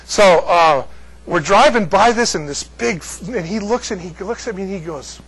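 A man's voice: sits high, expressive, moderate pace, fairly bright tone, slightly rough, low-quality recording. A man teaching a Bible study class in a casual, chatty way, joking with the students between points. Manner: chatty, jokey asides to the class.

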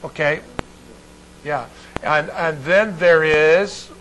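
Chatty Bible class teacher, fairly high voice. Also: male voice, very slow, fairly bright tone, low-quality recording. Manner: digressive, restarts often, checks in with the class.

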